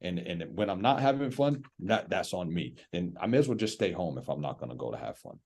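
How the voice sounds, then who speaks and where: A man's voice: deep voice, big pitch swings, fairly quick, gravelly, a little mellow. A man who coaches youth basketball, talking casually and explaining his views earnestly. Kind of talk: casual podcast chat.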